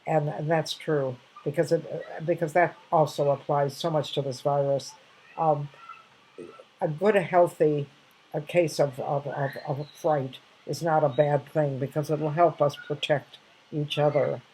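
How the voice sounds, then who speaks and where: A woman's voice: sits low, fairly even intonation, a little slow, dark tone, a little hiss or hum, rough recording. An older woman casually sharing reflective anecdotes, rambling with many restarts and fillers.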